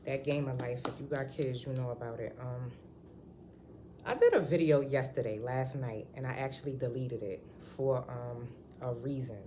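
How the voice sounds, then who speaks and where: A woman's voice: extremely low pitch, moderate pace, background noise. A woman at home talking to her channel in a casual vlog, rambling and candid with lots of ums and restarts. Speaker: vlogger. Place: at home indoors.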